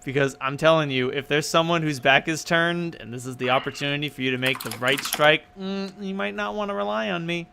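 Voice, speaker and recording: A man's voice: a little high, brisk, creaky, few pauses, background noise. A man voicing a blunt, bloodthirsty female gun who rambles and talks gleefully about violence.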